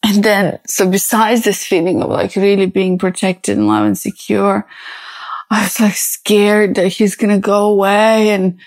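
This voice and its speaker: Emotional and on the verge of crying, a woman hosting her own podcast reflects aloud, stumbling over fillers and restarting often. Her medium-pitched voice is level and darkish in tone, free of echo.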